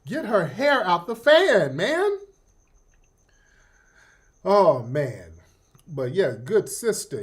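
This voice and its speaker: A man's voice: high voice, wildly swooping pitch, very slow, long pauses. A middle-aged man hosting a casual livestream commentary, profane and joking, laughing often. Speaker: host.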